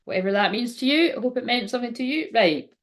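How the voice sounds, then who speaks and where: A woman's voice: a little high, lively intonation, fast talker. A woman hosting a casual live-stream tarot reading, chatting to viewers, laughing often and swearing casually. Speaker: tarot card reader and livestream host.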